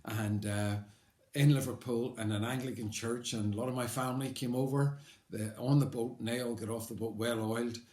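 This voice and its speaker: A man's voice: mid-range voice, fairly even intonation, brisk, darkish tone. Older belfast guy telling his life story, chatty and wry, lots of ums, echoey room. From Belfast, Northern Ireland. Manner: conversational and wry, rambling with fillers. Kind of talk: personal life story told aloud. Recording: roomy echo.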